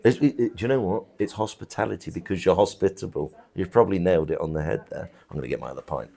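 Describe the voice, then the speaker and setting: This is a pub landlord chatting in an interview. His voice sits low and has a gravelly edge. He talks bluntly and loosely, full of restarts and asides. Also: fast talker, mellow. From England. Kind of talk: casual interview chat. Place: country pub bar.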